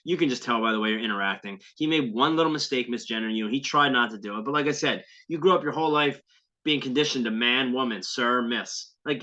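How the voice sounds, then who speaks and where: A man's voice: mid-range voice, sharp tone. A man hosting a podcast, delivering heated, profane, sarcastic commentary on a viral video clip. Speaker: podcast host. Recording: dull lo-fi sound.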